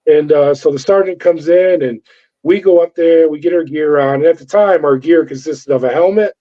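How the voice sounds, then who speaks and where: A man's voice: on the high side, moderate pace. Big-voiced storyteller man, acting out dialogue. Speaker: former corrections officer. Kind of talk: storytelling interview. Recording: dull lo-fi sound.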